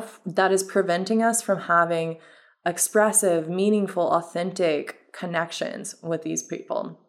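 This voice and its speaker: A woman hosts a solo podcast in the easygoing, thoughtful style of a health coach, her somewhat low voice marked by clear vocal fry. As she thinks aloud, fillers like "um" and "like" come up often.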